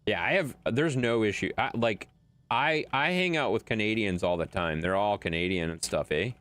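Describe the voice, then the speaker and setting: A man's voice: lowish voice, normal speed, a bit bright, no room sound. A man from Wisconsin live-streaming a game and chatting bluntly with his viewers, swearing and bickering with them as he plays.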